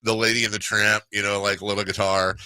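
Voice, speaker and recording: Man, middle-aged, sports radio host, casual chat, rambling laughing storyteller, bright tense tone. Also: on the low side, little pitch movement, fairly quick, clean tone, dry recording.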